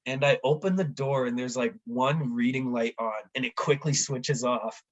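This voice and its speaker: A man telling a travel story in a casual chat, animated and acting out the voices of the people in it, with a lot of "like". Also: mid-range voice, normal speed, dull audio. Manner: animated, acts out quoted voices, says "like" often. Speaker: podcast guest.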